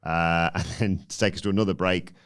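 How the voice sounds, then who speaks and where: A man co-hosting a podcast, recapping a wrestling show in casual chat and acting out quotes in animated voices. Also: brisk, clean tone. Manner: animated, acts out quotes in high put-on voices. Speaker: podcast co-host.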